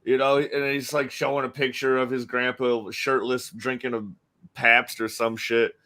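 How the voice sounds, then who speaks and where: A man's voice: medium pitch, flat delivery, moderate pace, pushed and bright. A man in casual podcast chat, telling rambling stories and laughing between them.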